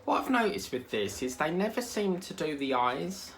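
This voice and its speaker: A man's voice: on the high side, big pitch swings, normal speed, vocal fry, slight background noise. A man, chatting casually as a crafting vlogger while he works, rambling and easily sidetracked.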